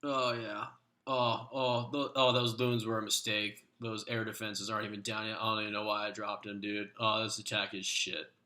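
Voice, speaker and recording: A man's voice: lowish voice, little pitch movement, normal speed, bright, forceful tone. A man impersonating an exhausted young male gamer who swears and groans through his own attack. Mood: panicked.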